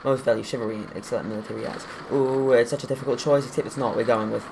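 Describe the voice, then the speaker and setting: A man's voice: medium pitch, steady tone, rapid-fire, creaky, background noise. A man hosting a video game let's play, joking and stumbling while he reads menu text aloud. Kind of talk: casual gameplay commentary.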